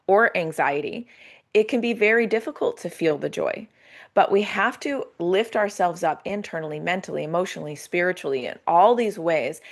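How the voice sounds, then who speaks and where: Woman, podcast guest coach, casual chat, animated, slightly low voice. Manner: animated, acts out her own inner voice.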